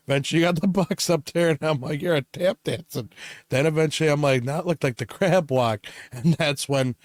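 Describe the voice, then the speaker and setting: A man's voice: sits high, dry recording, studio quality. A young man co-hosting a casual chat, telling work stories and laughing often as he talks. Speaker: podcast co-host.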